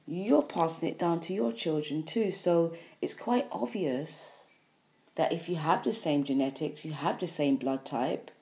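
Mellow, low-voiced woman preaching about health. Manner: earnest, emphatic, repetitive lists. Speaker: health speaker. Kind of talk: impassioned health monologue.

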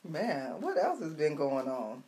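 A woman co-hosting a casual chat, animated and teasing, recapping gossip and news with loud laughs. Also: sits low, measured pace. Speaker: podcast co-host.

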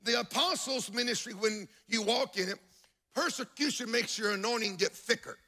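A man's voice: extremely high pitch, moderate pace, pushed and bright. A man preaching a sermon to a congregation in church, emphatic and telling stories with acted-out quotes.

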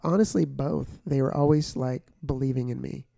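A man's voice: mid-range voice, steady tone, normal speed, gravelly, mellow, dry recording, studio quality. A man co-hosting a casual, faith-based podcast chat, earnest and easygoing, with filler words. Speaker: podcast co-host.

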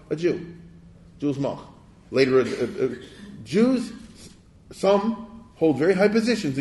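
A man's voice: a little high, a little mellow, slight background noise. Man lecturing, conversational, rhetorical check-ins, restarts, echoey room. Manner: digressive, with restarts.

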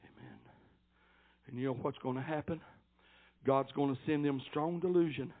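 An older man preaching a fervent church sermon, dotting his phrases with amens and rising into shouts. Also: medium pitch, normal speed. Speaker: pastor. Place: church service. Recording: tinny phone-like lo-fi recording.

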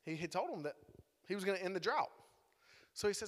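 A man's voice: sits high, lively intonation, brisk, pauses often, fairly bright tone. A man giving a playful, dramatic sermon in a conversational tone, in a church hall. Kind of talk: lively sermon storytelling. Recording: echoey hall.

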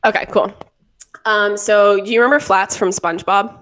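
A woman's voice: medium pitch, fairly even intonation, normal speed, fairly bright tone. A woman in her twenties co-hosting a podcast, telling a long story in a rambling, casual way full of fillers. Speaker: podcast co-host. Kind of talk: casual chat.

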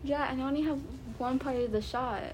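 A woman's voice: high voice, a little fast, darkish tone, a little hiss or hum. A young woman co-hosting a podcast in casual chat, telling her stories by quoting what others said. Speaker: podcast co-host.

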